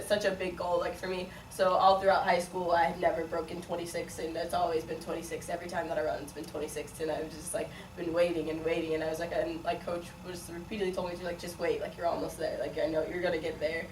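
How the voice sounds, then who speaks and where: A woman's voice: fairly low pitch, little pitch movement, fast talker, few pauses. A young woman in her twenties from the Midwest, a college sprinter answering interview questions in a chatty way, with many fillers and frequent laughs. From Chicago, raised partly in Las Vegas. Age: 20s. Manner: chatty, many likes and ums, laughs often. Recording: echoey room, mic at a distance, faint noise.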